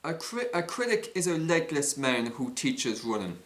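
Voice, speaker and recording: A man's voice: fairly high pitch, sing-song, moderate pace, fairly bright tone. A man reading a string of jokes and quips aloud, often stumbling and restarting. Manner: stumbling, frequent restarts and self-corrections. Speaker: joke reader.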